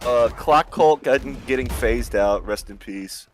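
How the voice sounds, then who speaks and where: A man's voice: medium pitch, measured pace. A man co-hosting a podcast in casual chat, joking around and laughing often as he rambles. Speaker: podcast co-host.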